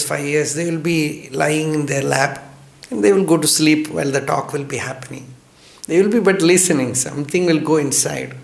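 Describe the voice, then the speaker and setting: A man from India giving a spiritual discourse, gentle and chuckling often, repeating words for emphasis. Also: a little high, gravelly, roomy sound. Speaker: spiritual teacher.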